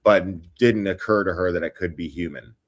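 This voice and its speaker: A man's voice: low-pitched, brisk. A male host on a casual livestream, explaining a timeline step by step with frequent ums and uhs.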